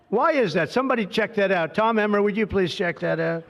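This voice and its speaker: A man's voice: high voice, expressive, brisk. Older man rambling, boastful, echoing hall. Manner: boastful, digressive, heavy superlatives. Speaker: president giving a speech. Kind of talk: rambling off-the-cuff political speech. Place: large hall at a signing event. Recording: reverberant hall.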